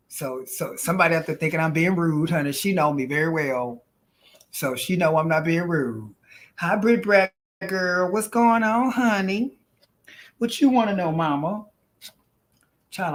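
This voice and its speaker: A woman hosting a casual live stream, chatting with viewers and giving intuitive readings, calling them honey and girl. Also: on the low side. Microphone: phone.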